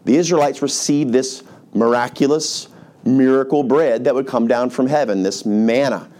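A pastor preaching a sermon to his congregation, who tells the story in a lively, casual way and acts out the characters' voices. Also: mid-range voice, moderate pace. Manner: animated, colloquial storytelling with acted-out voices.

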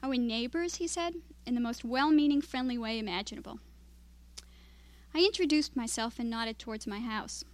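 High-voiced woman reading her story aloud. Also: animated, moderate pace, no room sound. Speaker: writer reading her work. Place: literary reading event.

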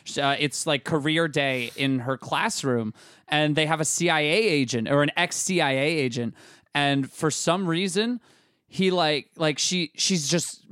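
A man co-hosting a podcast in casual chat, rambling and joking, quick to laugh. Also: fairly high pitch, fairly bright tone, no echo, clean studio sound. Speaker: podcast co-host.

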